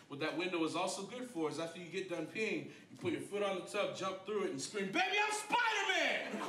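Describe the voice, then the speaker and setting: A wry man in his thirties works through a self-mocking stand-up set, his voice sitting a touch high. He is caught from a distance in an echoey club, with a clear noisy bed behind him. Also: fairly bright tone. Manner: wry, self-deprecating, jumps to high-pitched voices for punchlines. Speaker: stand-up comedian. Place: comedy club stage. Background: audience laughter.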